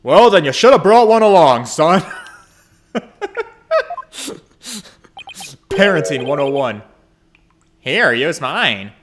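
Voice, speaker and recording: A man voicing a hearty, jovial middle-aged father who talks loudly and teases his son. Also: fairly high pitch, sing-song, measured pace, a little hiss or hum. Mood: teasing. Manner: loud, boisterous, teasing. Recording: game music playing behind. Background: game music.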